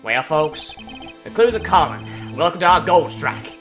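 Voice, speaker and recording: A man's voice: a little high, animated, unhurried, faint music behind. Man hamming up a whooping drawling cowboy cop. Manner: loud, hammy drawl. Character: folksy cowboy male patrolman, swaggering. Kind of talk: let's play voice acting.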